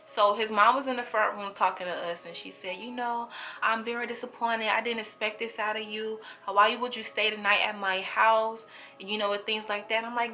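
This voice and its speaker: A young woman telling a story to her viewers in a casual, animated way, acting out the voices of people in it, with speech. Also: mid-range voice. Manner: animated, acts out quoted voices, talks straight to viewers. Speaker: storytime vlogger.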